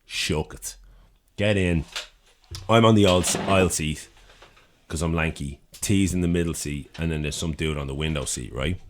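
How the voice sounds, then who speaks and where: A young Dublin man with a very deep voice tells a rowdy story on a podcast, swearing freely and acting out the voices of the people in it. His Irish accent comes through in every line. The talk is loose and chatty. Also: moderate pace, noisy background. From Ireland. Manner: animated, profane storyteller acting out quotes. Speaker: podcast co-host. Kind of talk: casual chat, storytelling. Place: city studio with door open.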